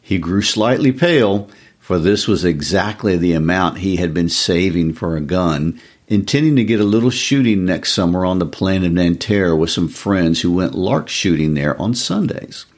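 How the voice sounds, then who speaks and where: A man reads a short story aloud in a very deep, husky voice. His intonation swoops and rises expressively. The delivery is measured and storytelling. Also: animated. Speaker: story reader.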